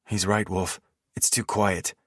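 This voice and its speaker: A man's voice: fairly low pitch, level tone, measured pace, a bit bright, no echo, studio quality. A man voicing an impatient young mob brother who talks bluntly and curtly, in an audiobook. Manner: blunt, curt. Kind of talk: audiobook character voice.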